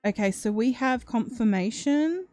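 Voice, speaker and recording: Female true crime streamer, warm low-key tone, talking to chat, emotional. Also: lively intonation, unhurried, dry recording, soft background music. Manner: chatty, reacting to chat and reading comments; emotional, gasps, close to tears. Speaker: true crime channel host. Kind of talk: casual livestream commentary.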